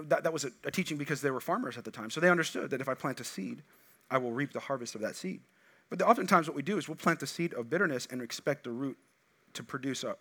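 A middle-aged man preaching a sermon as pastor, animated, swinging between loud emphatic bursts and quiet asides. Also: mid-range voice.

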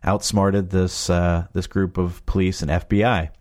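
Low-voiced man chatting casually. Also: little pitch movement, measured pace, a little mellow. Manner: rambling, loose and chatty, full of fillers like "you know". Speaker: podcast creator. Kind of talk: casual chat.

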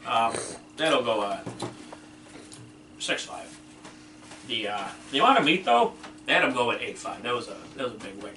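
A man's voice: mid-range voice, big pitch swings, moderate pace, long pauses, bright, forceful tone. A man co-hosting a wing review podcast, giving blunt, emphatic verdicts in casual chat. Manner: blunt, emphatic, fired-up critic. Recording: echoey room, distant mic, faint noise.

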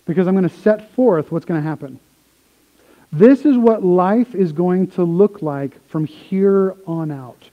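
A man preaching a sermon, swinging from quiet explanation to excited retellings of the crowd. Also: sits high, a little slow, phone-quality sound. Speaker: pastor.

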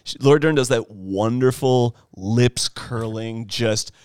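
A man in casual podcast talk about a film, animated and acting out lines from scenes. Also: slow, no echo, studio quality. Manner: animated, acts out film lines in high voices. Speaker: podcast host.

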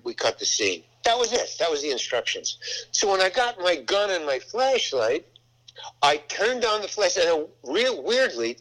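Older guy, actor telling an old set story, halting and rambly, pitch all over. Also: a bit bright, low-quality recording. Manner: rambling, halting, full of restarts. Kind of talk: casual anecdote.

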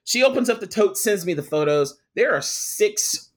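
Give me an animated young man, recounting a story in an interview. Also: sits high, moderate pace. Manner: animated storyteller acting out quoted voices. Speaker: guest, photographer and attorney.

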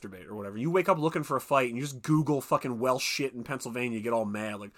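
A man's voice: medium pitch, very fast, a bit bright. A man co-hosting a podcast in casual chat, rambling and swearing with plenty of fillers. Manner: rambling, profane, lots of fillers and asides. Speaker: podcast co-host.

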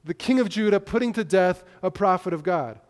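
A man preaching a measured expository sermon, walking through a passage point by point with small restarts. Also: high-pitched, expressive. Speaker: pastor. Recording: long echo of a hall.

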